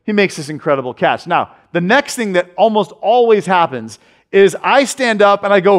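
Male pastor with a high voice, casual storytelling sermon with humor, keeps checking in with "right?". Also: sing-song, moderate pace. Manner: chatty storytelling with humor and asides; often asks listeners "right?". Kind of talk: conversational sermon.

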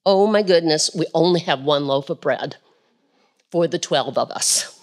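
A woman's voice: deep voice, measured pace, voice pushed down. A woman voicing panicked male followers who fret and fluster during a sermon. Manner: fretful, flustered. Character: panicked male followers fretting over bread.

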